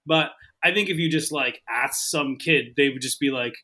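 A man guest on a sports podcast, chatting in a rambling, halting way. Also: mid-range voice, sharp tone. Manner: rambling, halting, laughs often. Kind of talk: casual chat.

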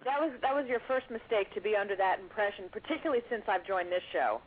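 Fast-talking woman on a tinny line. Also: mid-range voice, expressive. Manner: quick, bantering. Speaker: radio co-host. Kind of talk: casual chat. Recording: tinny phone line with crowd behind.

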